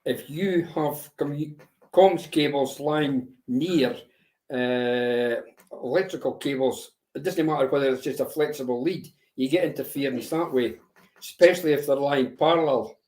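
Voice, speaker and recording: A man's voice: mid-range voice, normal speed, a little mellow. A man co-hosting a casual live stream, chatty and explaining things over a video call. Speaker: co-host. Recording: roomy call audio.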